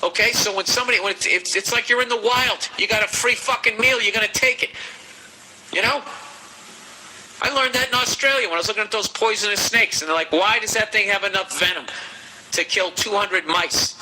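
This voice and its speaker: Profane ranting man, bright and sharp. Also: sits high, brisk, slight background noise, poor audio. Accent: Boston. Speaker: podcast host. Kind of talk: comedic advice rant.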